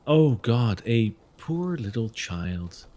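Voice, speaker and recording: Cooing motherly woman from a man game master, sweet and concerned, swooping pitch. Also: sing-song, slow pace, warm tone. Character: motherly woman tending a lost child.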